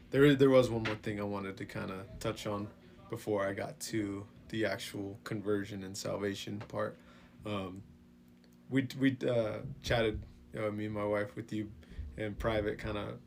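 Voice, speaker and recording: A man hosting a church testimony podcast, asking questions in a relaxed, halting way with many fillers. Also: on the low side, gravelly, a little hiss or hum. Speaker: podcast host. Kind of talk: interview.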